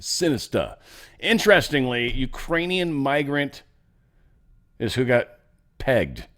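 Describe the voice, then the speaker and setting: A man talks his way through the news in a loose, rambling commentary. He wanders off into tangents and throws in offhand jokes. His pitch sits in an ordinary middle range, neither high nor low. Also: big pitch swings, slow pace, a bit bright. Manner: rambling, joking asides. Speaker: host.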